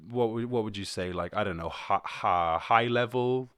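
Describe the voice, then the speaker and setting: A man's voice: fairly low pitch, moderate pace, fairly bright tone, clean tone, no echo, clean studio sound. A young Irish man in his twenties hosting a podcast, rambling loosely in casual chat, swearing and restarting his sentences. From Ireland. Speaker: podcast host.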